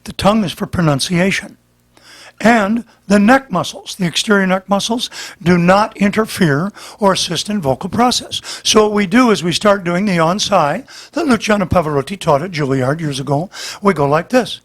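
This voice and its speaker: Dude teaching a voice lesson, kinda high voice, a bit damaged, explains as he shows. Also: moderate pace, fairly bright tone. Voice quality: slightly damaged voice. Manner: patient, explanatory, demonstrates as he talks. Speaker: vocal coach. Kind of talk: demonstrating voice lesson.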